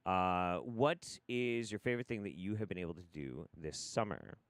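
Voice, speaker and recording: A man's voice: deep voice, normal speed, no echo. A man hosting a live stream, talking casually in a profane, exasperated, rambling way.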